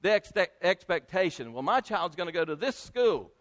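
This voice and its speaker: A male pastor preaching a sermon to his congregation, speaking emphatically and rising to loud peaks. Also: high voice, big pitch swings, normal speed. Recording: long hall reverb.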